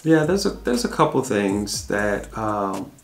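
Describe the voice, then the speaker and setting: A man's voice: lowish voice, very animated, measured pace, creaky, soft background music. An American man from Arkansas chatting casually in a family Q&A, often repeating words and restarting his sentences. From Arkansas, USA. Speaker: family vlog co-host. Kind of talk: casual Q&A chat.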